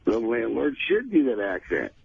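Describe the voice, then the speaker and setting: A man's voice: mid-range voice, sing-song, normal speed, creaky, a little hiss or hum. A man talking as a manager on a radio show, pushy and enthusiastic, egging others on. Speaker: manager on a call-in. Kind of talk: casual radio banter. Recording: dull lo-fi radio audio.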